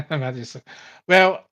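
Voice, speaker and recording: A man hosts a casual podcast. His voice sits a little high, and he rambles in a friendly way, often breaking into laughter. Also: pushed and bright, highs cut off. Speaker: podcast host. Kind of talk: casual chat.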